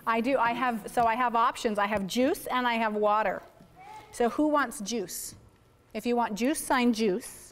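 A somewhat high-voiced woman runs a baby signing class indoors. She coaxes the little ones with bright, encouraging praise and turns to explain things to the parents in between. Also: a little slow. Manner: upbeat, coaxing and praising little children. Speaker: baby sign language teacher. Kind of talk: leading a toddler signing class.

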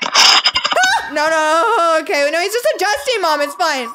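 A woman hosting a prank vlog, excitable, shrieking and laughing. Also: very high voice, unhurried, very noisy. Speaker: vlog host.

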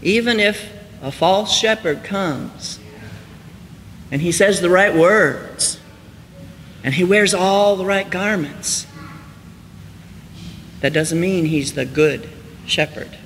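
A male pastor preaching a storytelling sermon, climbing high and loud for emphasis and then dropping soft and slow. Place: church sanctuary. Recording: church hall reverb, faint hiss.

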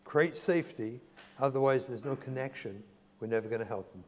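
A man's voice: medium pitch, fairly quick. A man, a psychotherapist, giving an earnest, emphatic lecture to a religious audience and repeating key phrases for weight. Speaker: psychotherapist and speaker. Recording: long hall reverb.

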